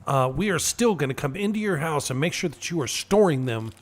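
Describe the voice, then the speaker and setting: A man co-hosting a casual political talk radio show, talking in a halting way with fillers and restarts. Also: fairly high pitch, lively intonation. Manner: halting, lots of fillers and restarts, laughs at own stories. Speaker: radio co-host.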